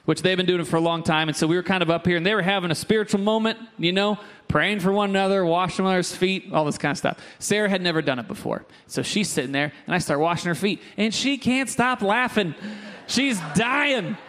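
A young man with a fairly high voice delivers a sermon in a church. He teaches earnestly and turns to the congregation with quick, joking asides. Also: fairly bright tone. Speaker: pastor. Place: church sanctuary.

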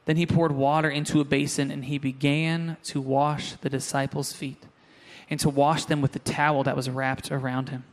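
A young man with a fairly high voice delivers a sermon in a church. He teaches earnestly and turns to the congregation with quick, joking asides. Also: little pitch movement. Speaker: pastor. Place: church sanctuary.

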